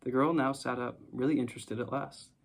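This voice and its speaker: Gravelly-voiced male storybook narrator. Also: mid-range voice, steady tone, brisk. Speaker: audiobook narrator.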